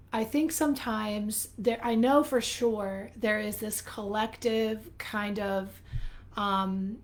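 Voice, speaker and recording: A woman hosting a live video, talking candidly and animatedly to her viewers, her voice a little worn, as though she is losing it. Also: medium pitch. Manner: candid, animated, swears casually. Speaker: life coach host. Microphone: phone or webcam, live stream.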